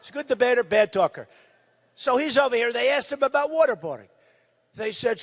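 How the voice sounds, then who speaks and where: A man in his sixties giving a campaign rally speech, loud and repetitive, hammering his points with emphasis. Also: extremely high pitch, expressive, brisk, in a large hall. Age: 60s. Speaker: political candidate.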